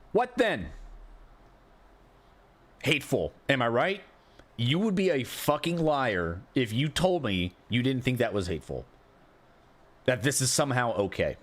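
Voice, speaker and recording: Male streamer, casual rant, animated intonation, asks rhetorical questions. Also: on the high side. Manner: frustrated ranting, rhetorical questions, swearing. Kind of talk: casual live-stream commentary.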